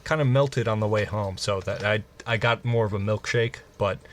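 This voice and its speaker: A man co-hosting a casual podcast, with relaxed, slangy banter. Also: fairly low pitch, moderate pace, slight background noise. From Midwestern US. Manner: laid-back slangy banter, says bro and dude. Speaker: podcast co-host. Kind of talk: casual chat.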